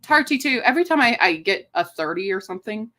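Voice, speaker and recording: A woman's voice: mid-range voice, sing-song, fast talker, bright, forceful tone. A woman live streaming from her apartment, chatting casually and playfully and slipping into joke accents. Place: home apartment, indoors.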